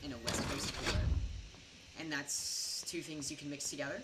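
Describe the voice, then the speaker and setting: A woman's voice: sits low, little pitch movement, normal speed. A young American woman streaming a game while tipsy, rambling through a story in a casual, filler-heavy way. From United States. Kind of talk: casual gaming stream chat. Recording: distant mic with background noise.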